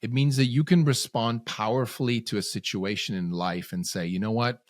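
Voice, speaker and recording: A man's voice: lowish voice, normal speed, dry recording, clean studio sound. A man, a guest parenting coach, talking earnestly in a casual podcast conversation and often repeating words as he gathers his thoughts.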